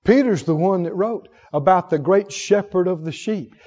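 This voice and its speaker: A man preaching a sermon with fervor, swinging from hushed tones to shouts. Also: high-pitched, moderate pace. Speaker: pastor. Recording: dull sound in a long-reverb hall.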